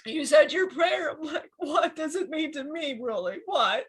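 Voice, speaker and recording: A woman channeling a fallen male archangel, speaking tearfully and haltingly through crying in a spiritual session. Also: sits high, animated. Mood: anguished. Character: grieving fallen male archangel, hurt and furious.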